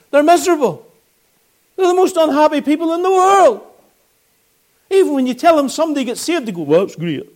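High-voiced Northern Irish preacher. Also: male voice, darkish tone. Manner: earnest storytelling, rising to fervent appeals. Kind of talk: gospel sermon testimony.

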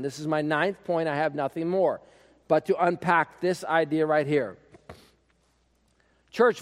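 High-voiced man preaching in a reverberant hall. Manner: emphatic, repeats key phrases, swings from quiet to shouting. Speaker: pastor. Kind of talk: sermon. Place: church sanctuary.

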